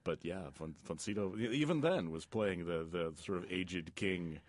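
Deep-voiced man chatting slowly. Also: dry recording. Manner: halting, restarts, drawling, chuckling. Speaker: guest film buff. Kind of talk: casual chat.

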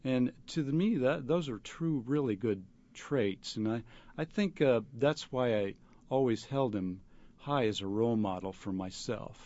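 A man, an actor, answering interview questions in a halting way, with many fillers and restarts. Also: mid-range voice, a little mellow. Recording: dull lo-fi radio recording.

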